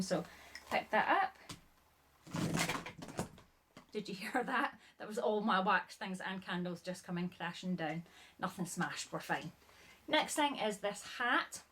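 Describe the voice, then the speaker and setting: A woman's voice: mid-range voice, a little hiss or hum. Woman rambling through a haul video, kinda out of breath, says sorry a lot, "like" every other word. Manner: chatty, rambling, apologetic, lots of "like". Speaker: haul vlogger. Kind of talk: casual chat showing items.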